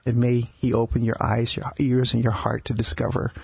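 A male doctor in a radio studio interview, telling stories about his patients in a halting way, with frequent restarts and repeated words. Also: medium pitch, level tone, creaky, breathy edge, no room sound. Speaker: palliative care doctor, guest. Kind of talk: conversational storytelling interview.

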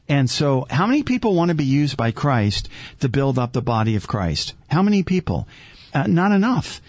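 A man's voice: mid-range voice, a little mellow, no echo. Preacherly man with rhetorical questions. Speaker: host. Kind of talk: casual faith talk.

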